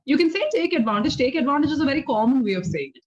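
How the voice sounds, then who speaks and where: A high-pitched woman with an Indian English accent, teaching a spoken English lesson over a video call. She explains slowly and patiently, checking in with "okay?" as she goes. The audio is slightly dull and lo-fi. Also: very animated. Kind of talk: online English conversation lesson.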